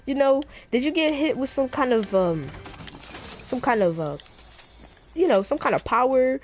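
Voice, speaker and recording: A nerdy teenage boy hero frets aloud, piling up quick, worried questions, in a woman storyteller's voice. He sounds close to her everyday tone. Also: sits high, animated, a little mellow, slight background noise, pitched above the performer's own voice.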